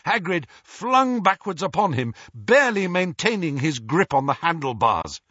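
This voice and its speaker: Male audiobook narrator, husky, lively melody, dramatic reading. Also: on the high side, normal speed, no room sound, dull audio.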